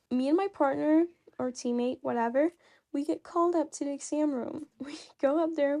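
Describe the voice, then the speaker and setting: A woman speaking English as a second language, telling a personal story in a casual, animated, self-mocking way with frequent laughs. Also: sits high, normal speed. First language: not English.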